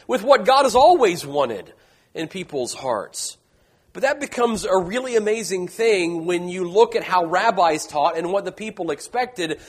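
A man preaching a Bible teaching, emphatic, rising loud on key points and falling low and quiet at the ends of phrases. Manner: emphatic, swelling louder on key points then dropping low.

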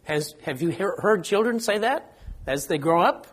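Older man, husky voice, informal Bible study leader, asks the group questions, self-deprecating. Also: sits high, lively intonation, moderate pace, a bit bright.

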